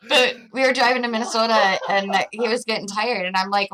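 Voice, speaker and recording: A woman's voice: medium pitch, moderate pace, a crowd in the background, rough recording. A woman hosting a casual livestream chat, chatty and playful with frequent giggles. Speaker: host.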